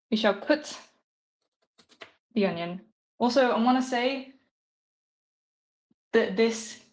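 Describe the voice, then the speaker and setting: A woman live-streaming while cooking, chatting casually and giggling as she rambles to her viewers, picked up by a phone mic in an echoey home kitchen. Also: mid-range voice. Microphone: phone mic, moving around away from it. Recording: echoey room audio.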